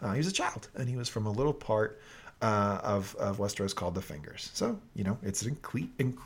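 A man co-hosting a casual recap podcast, telling scenes in an animated way with laughs and quick voice impressions. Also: fairly low pitch, breathy edge. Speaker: podcast co-host.

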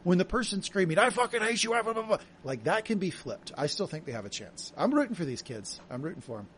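A man co-hosting a podcast, chatting casually about a TV episode in an animated way and acting out quotes. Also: a little high, fast, husky. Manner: animated, acts out quotes with a laugh. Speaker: podcast co-host. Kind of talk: casual chat recapping a TV episode.

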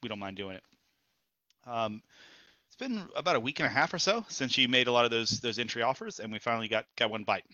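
A man's voice: medium pitch, lively intonation, fast, sharp tone, dry recording, muffled recording. A man chatting on a podcast, hesitant, with many fillers and repeated words. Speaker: podcast co-host. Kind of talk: casual chat.

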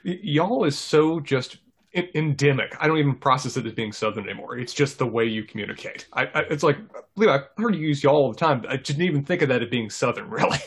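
A man's voice: medium pitch, fast, breathy edge. A man from North Carolina chatting casually on a podcast, explaining things. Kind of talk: casual chat.

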